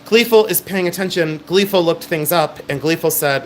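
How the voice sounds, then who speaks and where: A man's voice: on the high side, moderate pace, few pauses, a little hiss or hum. A middle-aged man hosting a live-stream jewelry sale, with chatty, emphatic sales patter.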